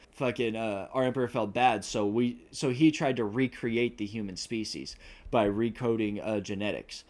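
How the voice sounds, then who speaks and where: Man, somewhat low voice, casual podcast chat, rambling, heavy swearing, lots of fillers. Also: darkish tone. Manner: profanity-laced, rambling, many fillers. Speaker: podcast co-host. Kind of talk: casual chat retelling a movie plot.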